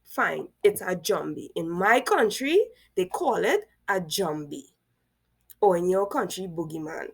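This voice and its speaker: A woman's voice: fairly low pitch, big pitch swings, a little slow, creaky, breathy edge. A woman with a Caribbean accent, commenting on a story as a reaction video host, with incredulous rhetorical questions. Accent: Caribbean English.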